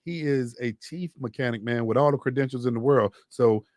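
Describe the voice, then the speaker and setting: A man co-hosting a radio talk show, animated and hyping a sponsor with emphatic repetition. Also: medium pitch, fairly quick, no room sound, clean studio sound. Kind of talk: lively radio banter and live sponsor read. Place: radio studio.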